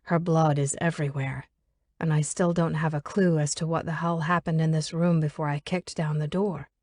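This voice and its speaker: A woman narrating an audiobook in a steady, measured reading, recorded close on a studio mic. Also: sits low, dry recording.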